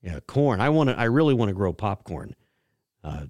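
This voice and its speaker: A man's voice: on the low side, sing-song, normal speed, a little mellow, no echo. Folksy man hosting a talk show. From Georgia, US. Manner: folksy, rambling, storytelling with many restarts. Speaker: radio show host. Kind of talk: casual chat.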